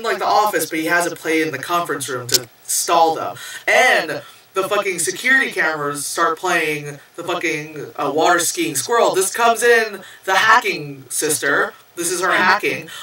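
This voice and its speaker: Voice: mid-range voice, sharp tone. A movie reviewer recapping a film in a casual, rambling way, swearing often and saying "like" constantly. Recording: roomy, distant mic.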